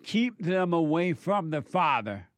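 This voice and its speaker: A man's voice: on the high side, big pitch swings, unhurried, dry recording. A man voicing the devil as a sly, coaxing tempter, in a dry recording.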